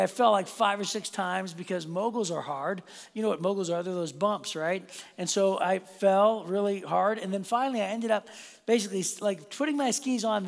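A man preaching a sermon as a pastor, telling a personal story in an animated, self-deprecating way and speaking straight to the congregation. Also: high voice, gravelly. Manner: animated, self-deprecating, addresses the audience directly. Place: church auditorium. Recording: long hall reverb.

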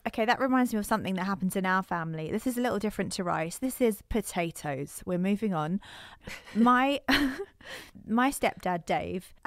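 A young adult woman co-hosting a podcast, bubbly and expressive, giggling through her stories. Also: medium pitch, moderate pace, no room sound, studio quality. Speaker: podcast co-host. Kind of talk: casual chat.

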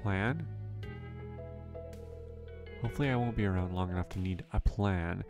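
A man's voice: deep voice, moderate pace, muffled recording, music in the background. A man reading the lines of a gloomy, bitter young man from a farming game.

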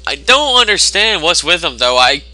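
A man with a fairly high, very animated voice talks at normal speed, sounding pushed and bright. Playing a game with its music in the background, he jokes, curses, and reads the text on screen in mock voices for his let's play commentary.

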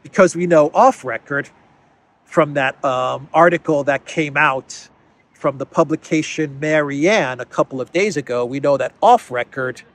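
A man's voice: a little high, a little slow. Man hosting casual political commentary. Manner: conversational, repeats words while thinking, sardonic asides.

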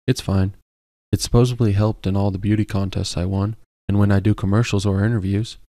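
A man voicing a bubbly young woman supermodel who talks in a bright, bouncy, teasing way. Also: lowish voice, little pitch movement, fairly quick, dry recording, clean studio sound, close to an everyday voice. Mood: resigned.

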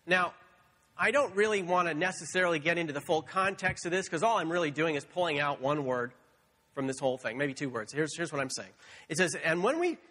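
A man preaching a sermon as pastor, playful and animated, acting out animal sounds in a storytelling way. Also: on the high side, a little fast, in a large hall. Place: church sanctuary.

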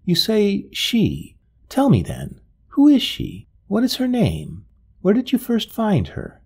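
Guy putting on a frail old gent, high shaky pleading voice, very formal, bit raspy. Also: wildly swooping pitch, takes it slowly, a little mellow, full character voice. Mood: desperate. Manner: formal, imploring, trembling. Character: frail grieving old gentleman, courtly and pleading.

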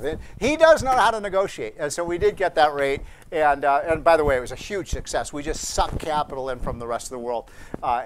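Man, higher-pitched, rambling seminar talk to students, live room, faint background noise. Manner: chatty anecdotal delivery with frequent restarts and asides. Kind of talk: storytelling speech to students.

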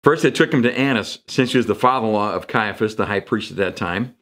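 A man's voice: lowish voice, quick pace, fairly bright tone. Man preaching a casual conversational sermon. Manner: conversational, jumps into quoted voices for emphasis. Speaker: pastor. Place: church sanctuary.

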